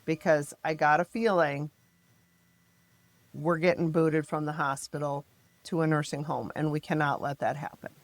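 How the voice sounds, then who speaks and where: A middle-aged mother from the American Midwest telling her family's story in an interview, emphatic and frank, turning animated when she quotes others. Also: sits low, moderate pace, dry recording. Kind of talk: personal storytelling in a podcast interview.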